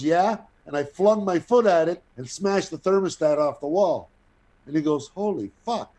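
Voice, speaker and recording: An older man, an actor and guest, telling a long anecdote in a casual, profane, animated way. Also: fairly high pitch. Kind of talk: casual storytelling.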